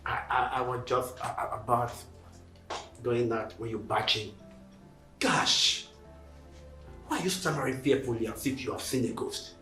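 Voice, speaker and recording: A man's voice: medium pitch, moderate pace, long pauses, bright, forceful tone, natural voice. Guy acting as a cocky nigerian man who likes being feared, echoey room, music under it. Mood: mocking. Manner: mocking, swaggering. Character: domineering, boastful man. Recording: roomy echo with music.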